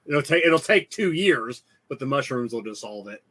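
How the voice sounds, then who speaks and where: A man's voice: mid-range voice, animated, normal speed, a bit bright. A man in casual podcast chat, telling rambling anecdotes and acting out what workers told him. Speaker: podcast co-host.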